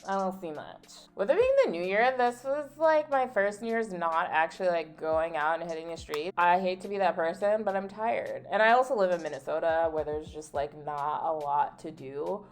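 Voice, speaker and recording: A young adult beauty vlogger chats through a casual get-ready-with-me video, candid and sprinkling "like" everywhere as she tells stories with playful indignation. Her voice sits lowish, at a moderate pace with few pauses.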